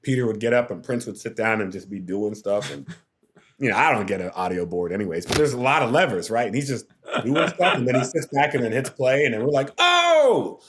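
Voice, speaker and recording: Animated storytelling man, mid pitch. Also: fast, a little hiss or hum. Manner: animated, acts out quotes and sound effects. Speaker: podcast guest, TV producer. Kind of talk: casual storytelling.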